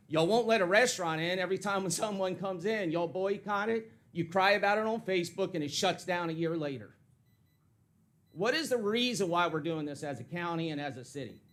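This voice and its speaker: A man's voice: high voice, lively intonation, a little fast, a bit bright. A man giving a heated, blunt public comment at a county meeting. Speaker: citizen speaking at public comment. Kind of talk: angry public comment speech.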